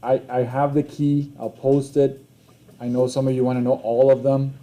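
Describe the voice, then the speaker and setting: A man's voice: medium pitch, flat delivery, moderate pace, warm tone. A young man teaching a geometry class, talking it through conversationally and checking in with the students again and again. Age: young adult. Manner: conversational, repeats himself, frequent "okay?" check-ins. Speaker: math teacher. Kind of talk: classroom lesson walkthrough.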